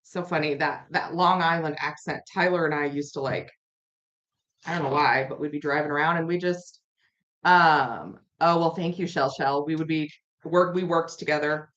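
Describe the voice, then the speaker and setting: A woman's voice: sits low, fairly even intonation, normal speed, fairly bright tone. A woman hosting a casual live-stream tarot reading from home, chatty and rambling, repeating herself and talking to viewers in chat. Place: her home. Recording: dull lo-fi audio.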